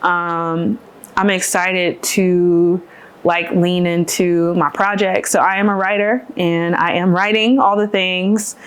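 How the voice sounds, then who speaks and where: An earnest woman in her thirties chats with her sister on a podcast, thinking aloud with fillers and restarts. Her voice sits a little low for a woman. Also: steady tone, takes it slowly, clean tone. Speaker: podcast guest, older sister. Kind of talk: casual chat.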